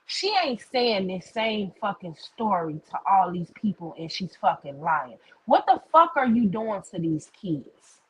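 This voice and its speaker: Livestream host, woman, husky voice, medium pitch, swears freely, reads chat between stories. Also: sing-song, a little slow, few pauses, no room sound, poor audio. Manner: blunt, profane storytelling; reads and answers viewer comments.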